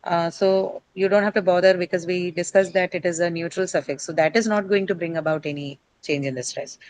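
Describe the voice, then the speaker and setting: A woman's voice: fairly low pitch, steady tone, a little fast, a little mellow, low-quality recording. A woman teaching English word stress to a class. She explains step by step, often says "uh", and asks her students questions.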